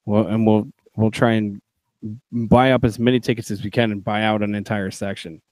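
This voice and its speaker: A man's voice: lowish voice, level tone, normal speed, darkish tone, no echo. A man co-hosting a casual sports podcast, joking around and laughing often. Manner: laughing, joking, exclaims a lot. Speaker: podcast co-host. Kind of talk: casual chat, live podcast.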